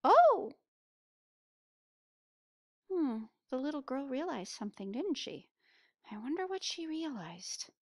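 A woman reading a picture book aloud to children, pausing to ask them questions. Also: high voice, no echo, studio quality. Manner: asks listeners questions, expressive. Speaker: storybook reader.

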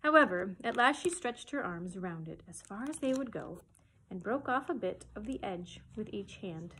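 A children's librarian reading a storybook aloud for children, with expressive storytelling. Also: female voice, on the high side, a little hiss or hum, rough recording.

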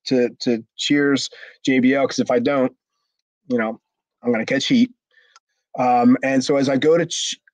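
A man's voice: a little high, a little mellow, no room sound. A middle-aged man, a former pro wrestler, telling a story casually in an interview. He swears freely and acts out the people in the story. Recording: dry, slightly dull lo-fi sound.

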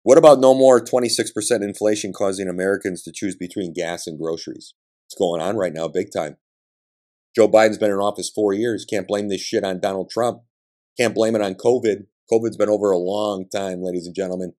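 Deep-voiced man ranting combatively. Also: fairly even intonation, a little fast, a little mellow. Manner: emphatic, combative ranting with blunt profanity. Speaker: podcast host. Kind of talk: political monologue.

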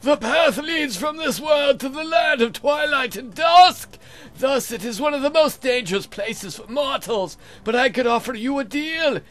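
Man doing a high, hoarse Unseelie spirit. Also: lively intonation, fairly bright tone, faint music behind, full character voice. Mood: menacing. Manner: slow, theatrical proclamations. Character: hoarse, slow-speaking male Unseelie spirit in a cloak.

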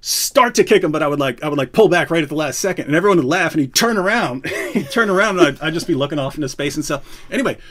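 A man's voice: a little high, animated, quick pace, a bit bright. A man hosting a casual live chat, telling stories with many restarts and frequent laughter. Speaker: host. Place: indoors, live stream.

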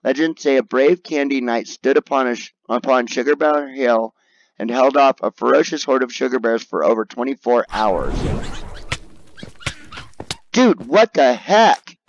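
A man giving casual let's-play commentary, grumbling and yelping high when cornered. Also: lively intonation, unhurried, no echo, dull audio. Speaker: gaming video creator.

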